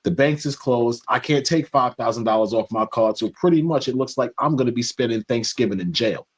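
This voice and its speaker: A man telling a long, lively anecdote and acting out the dialogue. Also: medium pitch, a little fast, slightly rough. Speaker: interview guest. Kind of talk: casual storytelling.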